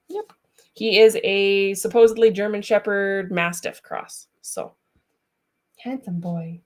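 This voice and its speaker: A woman's voice: mid-range voice, takes it slowly. A woman streaming live from home, chatting casually and rambling with lots of ums. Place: home, with a large dog nearby.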